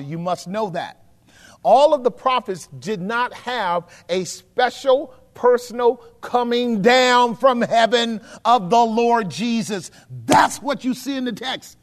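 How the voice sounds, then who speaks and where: A man preaching a sermon as pastor, swinging from hushed asides to shouts and calling on the congregation. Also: very high voice. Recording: long hall reverb.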